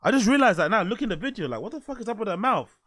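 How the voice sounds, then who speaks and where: Rambling male reaction host, crude, lively up-and-down delivery, dry close sound. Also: high voice, no echo. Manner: crude, rambling, quick to laugh. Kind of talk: reaction commentary.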